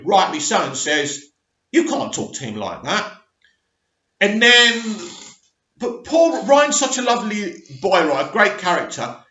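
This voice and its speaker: A man giving an opinionated, animated review of a TV episode and talking straight to his viewers. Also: high-pitched. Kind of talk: casual reaction review. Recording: echoey, slightly dull recording.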